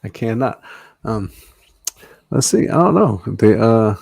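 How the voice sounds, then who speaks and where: A man with a low, gravelly voice talks sports with friends, stalling with fillers and cursing as he goes. The sound is close and dry, with no room around it. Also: animated, slow pace, darkish tone, no echo. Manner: hesitant, swears a lot, laughs often. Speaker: podcast co-host. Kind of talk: casual sports chat.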